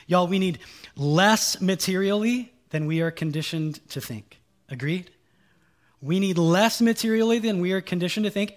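A male pastor preaching a sermon with a somewhat high voice. He leans on key phrases and says them twice, and he drops folksy asides. He keeps firing questions at the congregation. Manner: emphatic, repeats key lines, quizzes the congregation.

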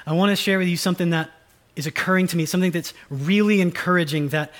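Male pastor, high voice, earnest and emphatic sermon delivery. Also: fast. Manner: earnest, emphatic preaching with acted quotes.

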